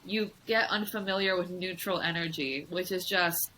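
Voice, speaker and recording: A woman's voice: lowish voice, steady tone, moderate pace, sharp tone, slight background noise, low-quality recording. A woman chatting as a podcast guest, frank and profane, often acting out her own inner voice. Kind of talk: casual chat.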